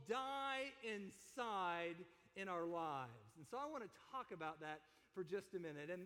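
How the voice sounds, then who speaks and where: Guy preaching, chatty and animated, high voice, big hall echo. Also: a little slow, few pauses. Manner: conversational, animated, asks the congregation questions. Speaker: pastor. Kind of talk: sermon.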